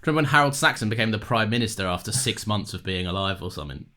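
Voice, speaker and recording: A man's voice: fairly low pitch, animated, rapid-fire, bright, forceful tone. A man co-hosting a podcast, arguing and bantering in casual, sweary chat. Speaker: podcast co-host.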